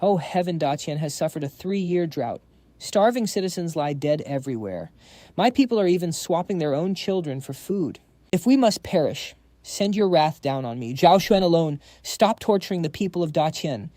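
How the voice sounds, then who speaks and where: A desperate emperor pleads to heaven in a raised, anguished voice, as a man narrating a story recap puts him on. The sound is mellow and dry, close to the mic. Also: fairly high pitch, animated, normal speed, dry recording, close to an everyday voice. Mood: pleading. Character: desperate starving male emperor begging heaven.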